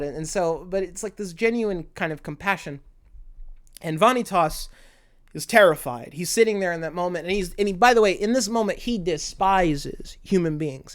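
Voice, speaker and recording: A man retelling an anime series in a casual video essay, emotional and rambling, with many restarts. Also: on the high side. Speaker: anime commentator.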